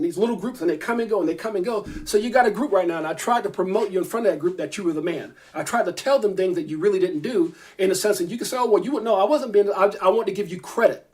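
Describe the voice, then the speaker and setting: A man's voice: sits high, a little mellow. A man, a crypto YouTuber, ranting to camera, irritated, emphatic and repetitive. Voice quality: fast, emphatic, repeats himself. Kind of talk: heated rant to camera.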